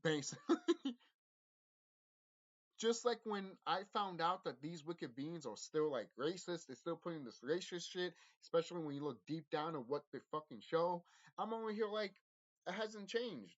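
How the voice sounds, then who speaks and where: A man's voice: fairly high pitch, animated, moderate pace. A man talks straight to his viewers in an intense, profane spiritual monologue, often repeating himself and restarting his sentences. His voice leaps up and down as he speaks. The recording is muffled and lo-fi. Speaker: vlogger. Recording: dull lo-fi audio.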